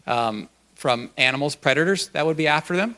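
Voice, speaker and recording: A man's voice: fairly high pitch, lively intonation, brisk, bright, forceful tone. A male pastor giving a conversational sermon at a church, folksy and loose, with frequent ums and uhs.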